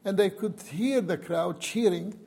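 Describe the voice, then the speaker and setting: A man's voice: high voice, unhurried, gravelly, mellow, breathy edge. A man, a university professor, telling a personal story and recounting events with wry chuckles.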